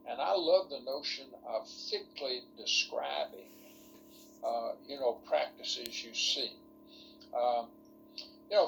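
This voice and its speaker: A man's voice: medium pitch, slight background noise, low-quality recording. A man lecturing ministry students in an online workshop over a video call, folksy and rambling, full of rhetorical questions.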